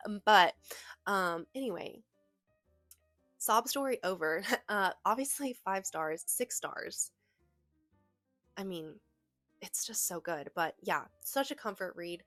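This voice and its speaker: A woman's voice: medium pitch, animated, slow, pauses often, a bit bright, dry recording, soft background music. Chatty young woman gushing about books. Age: young adult. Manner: chatty and gushing, with many fillers and restarts. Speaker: book vlogger. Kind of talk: casual chat. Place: bedroom.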